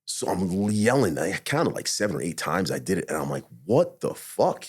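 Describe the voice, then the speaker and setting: Husky, fast-talking profane man. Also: sits low. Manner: profane, animated, retells his own thoughts as quotes. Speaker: podcast guest, retired SWAT officer. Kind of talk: candid storytelling in a podcast interview.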